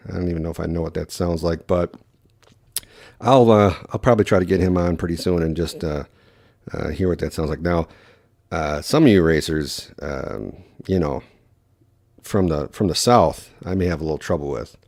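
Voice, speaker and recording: A man from Wisconsin with a Wisconsin accent, hosting a casual solo podcast in quick, rambling talk full of fillers. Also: low-pitched, vocal fry, a little mellow, no echo, studio quality. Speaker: podcast host.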